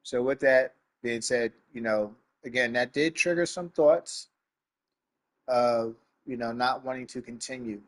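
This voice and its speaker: A man's voice: medium pitch, measured pace. A sim racing streamer, a man, talking to his live chat in a heartfelt, earnest way, near tears and with a stuffy nose.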